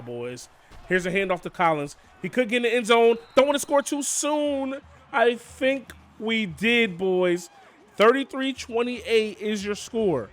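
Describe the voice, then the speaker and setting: A young man giving casual, excitable play-by-play commentary on his football video game, often calling out to "boys" and "man". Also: high voice. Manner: excitable, hypes big plays, keeps saying "boys" and "man". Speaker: gaming YouTuber.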